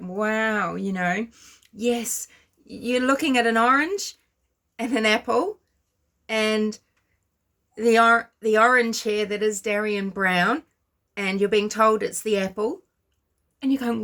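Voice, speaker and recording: A woman's voice: fairly high pitch, a little slow, fairly bright tone. A woman giving ranting commentary, scornful and lecturing her viewers. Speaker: commentary vlogger.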